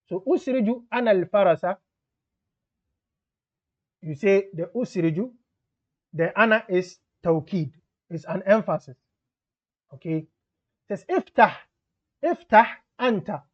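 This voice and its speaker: High-voiced man teaching grammar. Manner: reads Arabic text aloud, then explains it in English. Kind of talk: explanatory grammar lesson. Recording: dull lo-fi sound.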